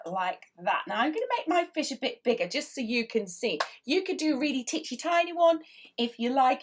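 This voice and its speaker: Animated woman teaching kids to draw. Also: on the high side. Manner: animated, encouraging, playful sound effects. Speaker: children's drawing tutor. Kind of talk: draw-along lesson for children.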